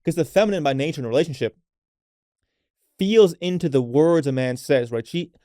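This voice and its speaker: A man's voice: fairly high pitch, animated, brisk, mellow, no echo, studio quality. A man hosting a casual solo podcast, speaking unfiltered and swearing freely, coaching women listeners and often tagging his points with "right?". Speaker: podcast host.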